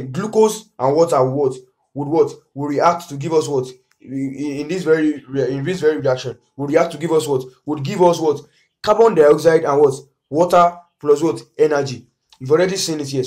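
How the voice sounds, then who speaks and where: A man's voice: on the high side, darkish tone. A man with a Nigerian accent teaching an exam revision lesson, who keeps asking his students "what?" and then answers himself.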